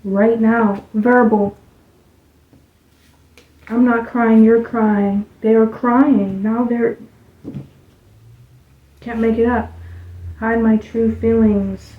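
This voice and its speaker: Woman reading cards for her channel: loose, rambling, low-key and even in pitch, recorded thin and boomy. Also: very slow, long pauses. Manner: rambling, loose, with soft muttered asides. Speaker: tarot reader. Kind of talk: casual spiritual card reading. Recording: tinny, phone-like sound in an echoey room.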